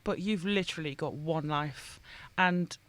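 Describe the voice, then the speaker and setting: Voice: medium pitch, a little slow, fairly bright tone, dry recording. A guest who runs a shop, talking bluntly and candidly with casual swearing. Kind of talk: casual conversational interview.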